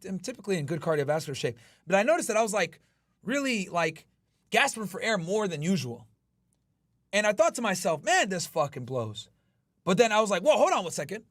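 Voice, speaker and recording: A man hosting a podcast stream, giving a profane, emphatic motivational rant that builds toward shouting. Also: sits high, no room sound, clean studio sound. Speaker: podcast host.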